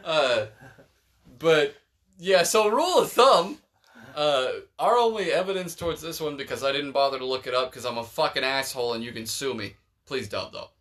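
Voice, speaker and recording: A man's voice: a little high, animated, normal speed, a bit bright. A young man hosting a casual podcast, rambling and swearing freely as he explains things. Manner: profane, rambling, laid-back. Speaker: podcast host.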